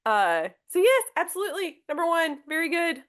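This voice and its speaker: A young woman teacher hosting a manners podcast, talking casually and brightly with lots of fillers and restarts. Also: extremely high pitch, very animated, moderate pace. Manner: chatty and upbeat, many fillers and restarts. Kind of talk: casual classroom talk.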